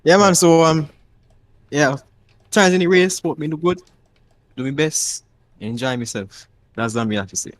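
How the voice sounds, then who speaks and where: Caribbean man, easygoing interviewee, a touch high, dry close sound. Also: normal speed, long pauses, no room sound. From Barbados. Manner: relaxed, rambling, many fillers like "yeah, man". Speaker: racing league driver being interviewed. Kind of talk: casual interview.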